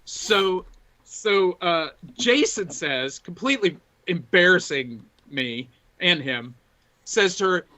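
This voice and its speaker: A man's voice: sits high, expressive, slow, bright, forceful tone. A man co-hosting a sports podcast, telling long rambling anecdotes full of fillers and restarts. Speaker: podcast co-host. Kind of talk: casual chat, storytelling. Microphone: desk mic, reads chat from screen.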